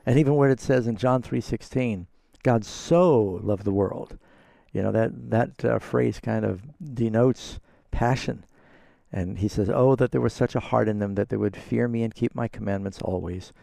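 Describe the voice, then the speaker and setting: A man's voice: mid-range voice, steady tone, moderate pace, vocal fry, mellow, no echo, clean studio sound. A man hosting a call-in radio Bible program as pastor, explaining scripture in an earnest, conversational way.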